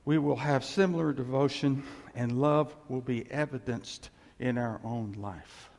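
A man preaching a sermon as pastor, earnest and repeating his key phrases, swinging from loud to quiet. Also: medium pitch, vocal fry. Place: church sanctuary. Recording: church hall reverb.

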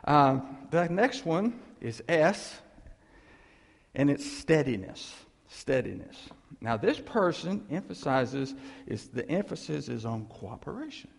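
Gravelly animated preacher man, echoing hall. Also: on the high side, slow. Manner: animated, conversational, asks "okay?" often. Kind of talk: sermon.

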